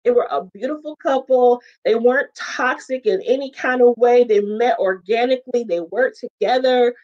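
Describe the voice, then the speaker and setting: A woman's voice: fairly high pitch, moderate pace, dull audio. A woman hosting a casual livestream about sitcoms, chatting straight to viewers. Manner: animated, chatty, talks straight to viewers with "y'all" and "child". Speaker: host of a sitcom talk show.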